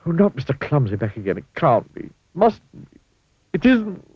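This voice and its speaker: A man's voice: low-pitched, big pitch swings, normal speed, muffled recording, faint music behind. A man reading a storybook aloud and voicing a prim, fretful, fussy little man. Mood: dismayed.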